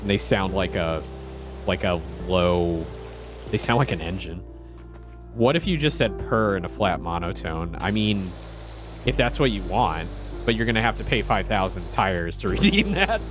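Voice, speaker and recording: A man's voice: low voice, animated, moderate pace, over music. A man chatting casually on a game stream, playful and laughing often.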